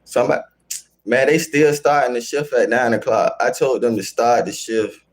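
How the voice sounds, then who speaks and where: A man's voice: medium pitch, fairly even intonation, moderate pace. A man hosting a live stream, speaking, confrontationally scolding his chat and repeating his phrases. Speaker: livestream host. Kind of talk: casual live-stream rant.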